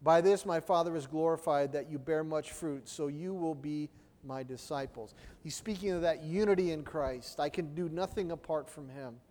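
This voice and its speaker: A man with a high voice preaches in an easy, conversational way and keeps asking his listeners "right?". His voice carries a long reverb, as if he is speaking in a large hall. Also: normal speed, darkish tone. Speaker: pastor. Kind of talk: sermon.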